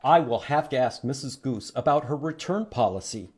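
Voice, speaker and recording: A man voicing a grumpy, stern male bear in a picture-book reading, gruff and curt. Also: mid-range voice, animated, normal speed, a little mellow. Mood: dry.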